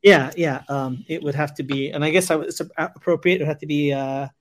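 A man's voice: a little high, steady tone, a little fast. A man co-hosting a casual podcast, joking around and often restarting his sentences. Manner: joking, self-interrupting. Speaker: podcast co-host. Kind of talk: casual chat.

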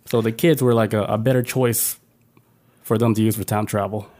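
A man with a mellow, darker voice riffs casually as a podcast co-host. His talk is loose and profane, full of "like" and restarts. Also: lowish voice, steady tone, moderate pace. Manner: loose and profane, lots of "like" fillers. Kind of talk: casual chat.

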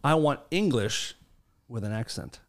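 A man hosting a loose, jokey podcast. His voice sits at an ordinary middle pitch as he teases his co-hosts and reads out listener messages. He leans on fillers like "um" and "like". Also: animated. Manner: joking, teasing, drawn-out filler words. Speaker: podcast host. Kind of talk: casual podcast banter.

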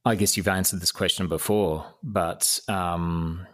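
Deep, unhurried male podcast host, short reactions, measured questions. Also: steady tone, a bit bright. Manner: slow, brief acknowledgments, measured questions. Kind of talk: casual interview.

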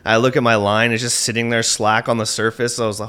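A man guest on a podcast, telling a tournament fishing story in an animated, excitable way, with lots of "like" and casual swearing. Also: mid-range voice, quick pace, clean tone.

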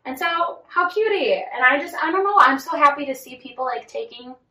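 A woman with a high, pushed, bright voice talks fairly quickly as a podcast co-host. She chats casually about celebrity gossip, filling her speech with "like," recorded far from the mic in an echoey room.

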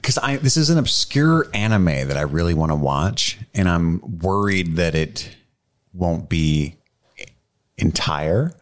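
A man's voice: sits low, expressive, slow. A man hosting a podcast in casual chat, rambling and self-mocking with frequent laughter. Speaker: podcast host.

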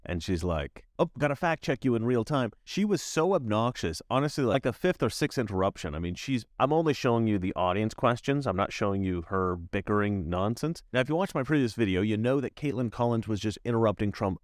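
Low-voiced man giving emphatic commentary. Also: fairly quick, few pauses, no echo, studio quality. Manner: emphatic, repeats phrases, animated asides. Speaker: political commentary YouTuber. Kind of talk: opinionated commentary on clips.

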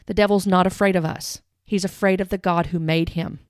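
Woman commentator, earnest and direct, smooth clear tone, dry close sound. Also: lowish voice, steady tone, fairly quick, no echo. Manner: earnest, direct, stressing words. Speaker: Christian commentator. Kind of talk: earnest commentary with read-aloud quotes.

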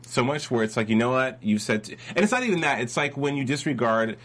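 A man hosting a casual TV recap podcast, animated and teasing, who often stops and restarts his sentences. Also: medium pitch, fast talker. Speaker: podcast host.

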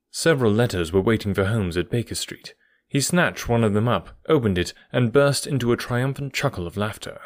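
A man narrating a detective story as an audiobook reader, in a measured, steady way. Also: on the low side, no room sound, clean studio sound. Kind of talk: scripted narration.

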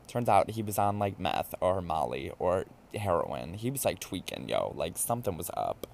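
A man hosting a podcast, telling a drunken night-out story in a campy, animated, casual way. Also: low-pitched, moderate pace, creaky, slight background noise. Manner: campy and animated, mimics voices in quotes. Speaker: podcast host. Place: New York.

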